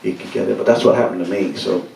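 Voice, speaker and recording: A man's voice: sits low, fast, gravelly, darkish tone. A man, telling rambling, laughing anecdotes to an audience at a gallery event. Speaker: musician speaking at a book event. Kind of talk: casual talk to an audience. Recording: echoey room from far off.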